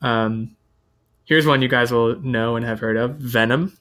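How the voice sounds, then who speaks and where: A man hosting a casual chat, running through upcoming movies from an article with a relaxed delivery full of fillers. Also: medium pitch, unhurried. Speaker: host.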